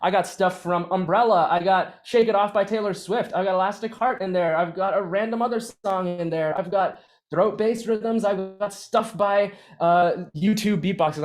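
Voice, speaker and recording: Energetic, chatty man teaching beatboxing. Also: high voice. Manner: energetic and chatty, with many fillers and restarts. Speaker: beatboxing workshop instructor. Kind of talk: casual teaching. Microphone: own microphone with adjustable gain.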